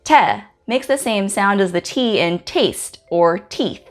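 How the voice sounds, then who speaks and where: A woman from Guam hosting a pronunciation lesson, saying each letter slowly and carefully with example words. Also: medium pitch, lively intonation. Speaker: host teaching the Chamorro alphabet. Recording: faint music in the background.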